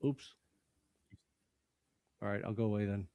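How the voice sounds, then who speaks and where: A man joining a live talk stream, chatting quickly and casually. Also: on the low side, steady tone, dry recording, dull audio. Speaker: guest speaker. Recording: loud noise, choppy connection.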